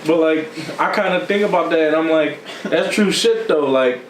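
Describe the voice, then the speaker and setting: Man co-host, casual storyteller, pitched a bit high, miked from a distance in an echoey room. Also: moderate pace, a little hiss or hum. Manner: animated storytelling, acts out quotes with sudden pitch jumps. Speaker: podcast co-host. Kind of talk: casual chat.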